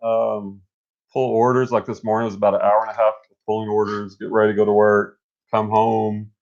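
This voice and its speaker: A middle-aged man co-hosting a casual live stream, energetic and motivational, rambling with restarts. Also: lowish voice, brisk. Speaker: co-host. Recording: dull lo-fi stream audio.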